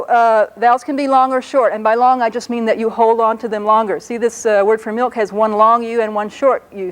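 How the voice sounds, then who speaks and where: A woman lecturing on a language, talking patiently and slowing down to spell out and pronounce each word carefully. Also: a little high, rough recording. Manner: patient, explanatory, slows down to pronounce words carefully. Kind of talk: educational lecture on a public-access show.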